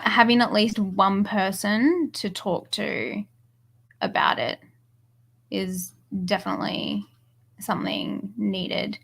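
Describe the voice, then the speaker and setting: A woman's voice: medium pitch, gravelly, fairly bright tone, slightly rough. A young woman, a guest on a podcast, answering casually and hesitantly with many fillers. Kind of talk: casual chat.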